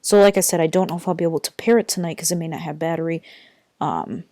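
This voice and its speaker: Chatty young woman, low voice, dry. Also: steady tone, fast talker, mellow, dry recording. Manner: chatty, rambling, many fillers and apologies. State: tired. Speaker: vlogger. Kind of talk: casual unboxing vlog. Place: bedroom. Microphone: built-in computer mic.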